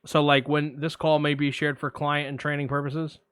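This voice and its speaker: A man co-hosting a podcast, telling a story in a casual, animated way with lots of fillers. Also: on the high side, moderate pace, smooth, no room sound, clean studio sound. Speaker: podcast co-host. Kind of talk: casual chat.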